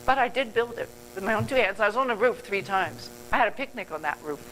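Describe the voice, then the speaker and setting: Expressive and fast, this older woman's medium-pitched, slightly bright voice carries a motivational talk she's giving as a club meeting's guest speaker. She's earnest, tends to ramble, and fixes her wording mid-sentence; the rough recording picks up slight background noise.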